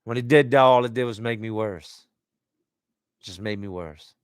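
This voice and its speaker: With a fairly low, clear and resonant voice at normal speed, this live-stream host reads out comments from viewers and speaks candidly and with emotion. He's blunt and casual, swearing now and then and repeating words as he gropes for them. The sound is dry and clean, like a studio.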